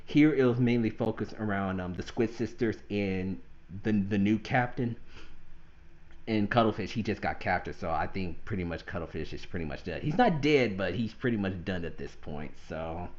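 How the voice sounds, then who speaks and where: A man hosting a gaming podcast in casual chat, animated and often laughing. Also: fairly low pitch, moderate pace, highs cut off. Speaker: podcast host.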